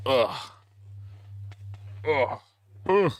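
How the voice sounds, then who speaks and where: A man's voice: low voice, normal speed, fairly bright tone. A man streaming a game live, rambling in a crude, profane and goofy way. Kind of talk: casual gaming stream commentary.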